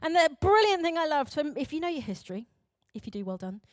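Young woman pastor, high voice, dry close sound, emphatic sermon delivery with sudden loud and hushed turns. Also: very animated, quick pace, no room sound. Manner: emphatic, swings between loud urgent preaching and quiet intensity.

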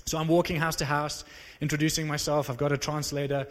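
A man preaching a sermon and telling stories with animated energy, acting out the dialogue. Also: fairly high pitch, quick pace, big-room sound. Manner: animated storytelling, acts out dialogue. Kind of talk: sermon with storytelling.

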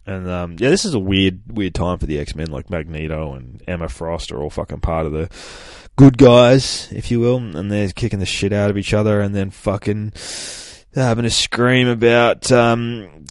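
A man's voice: low voice, animated, moderate pace, no room sound. A man hosting a comic podcast, recapping an issue in a rambling, profane, casual way. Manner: profane, rambling, swears constantly.

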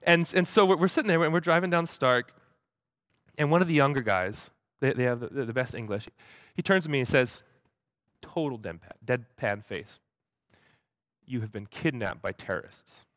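A man's voice: medium pitch, animated, fairly bright tone, no room sound, studio quality. A young man tells a story to a church audience, stumbling over repeated words and acting out the voices of the people he quotes. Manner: halting, many repeated words; acts out quoted voices animatedly. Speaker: speaker at a church gathering. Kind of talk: storytelling talk.

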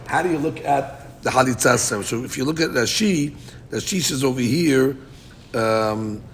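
Male Talmud teacher, gravelly, mid-pitched, weaving Aramaic quotes into casual English explanation, faint rumble behind. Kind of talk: Talmud study class.

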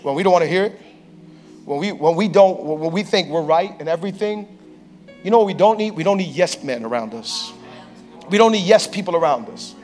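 High-voiced, lively male pastor preaching. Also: fairly quick, faint music behind. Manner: lively, playful storyteller who acts out quotes. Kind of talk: sermon. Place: church stage.

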